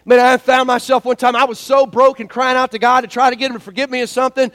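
A male pastor with a drawl preaches in a strikingly high voice. He tells folksy stories, loose and animated, full of fillers and restarts. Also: fast. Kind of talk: sermon.

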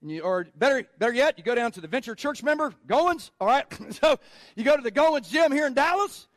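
High-voiced emphatic preacher man. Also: expressive, a little fast, fairly bright tone, no echo. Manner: emphatic, colloquial, calls for congregation responses. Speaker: pastor. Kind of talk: sermon.

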